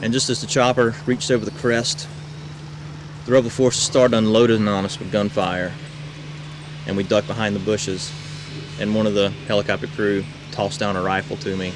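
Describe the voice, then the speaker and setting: Male camp counselor, lowish voice, tall-tale storyteller, loud outdoor background. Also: moderate pace. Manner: animated, shouts quoted lines. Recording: noisy outdoor camcorder recording.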